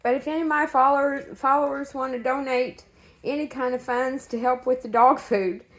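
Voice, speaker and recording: Shaken, halting woman dog breeder. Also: high voice, fairly even intonation. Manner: halting, with many fillers and restarts. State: emotionally shaken. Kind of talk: casual direct-to-camera update.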